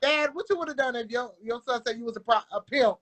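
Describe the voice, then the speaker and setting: A woman guest with a high voice chats in loose slang. She teases the others with pointed questions. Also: fast, fairly bright tone. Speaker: panel guest. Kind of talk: casual panel chat.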